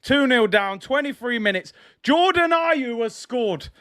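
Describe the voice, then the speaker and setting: A young man with a strikingly high-pitched voice hosts a live watch-along of a football match. He is excitable and emotional, and often tips into exasperated shouting. The sound is dry and close, with no room echo. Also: a little slow, few pauses, smooth. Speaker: fan stream host.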